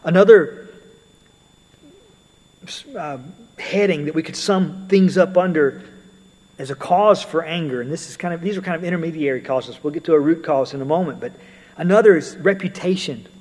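A man with a somewhat high, husky voice preaching a sermon. He keeps it conversational and mixes in everyday stories. A long reverb of a large hall hangs on every word. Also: normal speed, pauses often, darkish tone. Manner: conversational, storytelling asides with occasional fillers.

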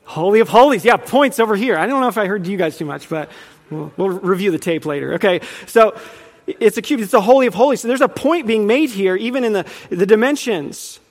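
A man with a high voice teaches a sermon in an earnest, building manner, now and then quizzing the room. His words ring out with a long reverb from a large church hall. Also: expressive, a little fast. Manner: earnest, rising in emphasis, quizzes the audience. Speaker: preacher teaching on Revelation.

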